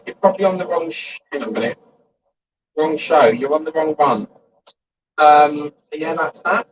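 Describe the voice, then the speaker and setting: A man's voice: a little high, slightly rough, highs cut off. A man hosting a model-building livestream, chatting in a rambling way and reading out viewer comments. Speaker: model-kit livestream host. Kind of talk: rambling casual livestream chat.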